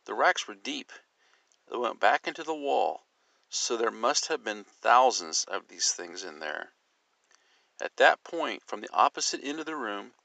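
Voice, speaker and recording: A man reading an account aloud and then musing on it, in a measured, speculative storytelling manner. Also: mid-range voice, gravelly, bright, forceful tone, no echo.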